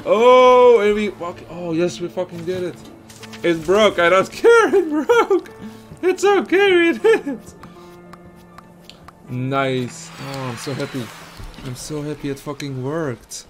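A young Belgian man with Dutch as his first language, giving excitable, swear-heavy let's-play commentary with lots of laughing. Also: high-pitched, slow, soft background music. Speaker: gaming streamer.

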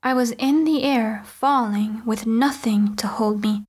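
A woman reading a novel aloud as an audiobook, in measured first-person storytelling. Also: fairly high pitch, darkish tone, slightly rough. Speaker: audiobook reader. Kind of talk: audiobook narration.

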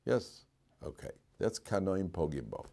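A man teaches a Torah class as a rabbi, spinning stories with lively energy and acting out the voices of the people in them. His voice sits a little low, and he breaks into laughter as he goes. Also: a little slow, vocal fry. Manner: animated storyteller, acts out quotes and laughs often. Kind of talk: storytelling Torah lecture.

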